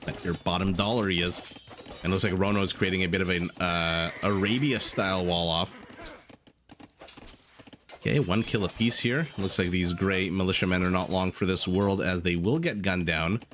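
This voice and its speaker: A man's voice: deep voice, normal speed, fairly bright tone, a little hiss or hum. Chatty man casting a strategy game live. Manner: chatty, joking with chat between play-by-play. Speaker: game caster. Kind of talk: live esports commentary.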